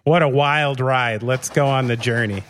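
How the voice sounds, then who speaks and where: Mid-pitched man, rambling casual co-host. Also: normal speed, over loud music. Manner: rambling and enthusiastic, with many fillers. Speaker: podcast co-host. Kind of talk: casual chat.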